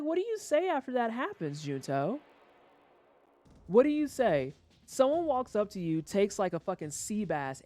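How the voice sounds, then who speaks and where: A streamer riffing over a game session with a lively, swooping voice that jumps into high yelps when something annoys them. Mid-pitched, crude and joking, with casual stories told between moves. Faint game music sits quietly behind. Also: dry recording. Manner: animated, profane and joking, with sudden high-pitched outbursts; chatty storytelling aside while playing. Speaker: livestreamer playing a video game. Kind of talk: casual gameplay commentary.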